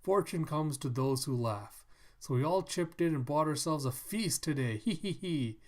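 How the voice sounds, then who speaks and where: A man voicing a crowd of poor but cheerful townsfolk while reading a manga aloud, loud and folksy. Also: fairly high pitch, expressive, normal speed, close to an everyday voice. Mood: jolly.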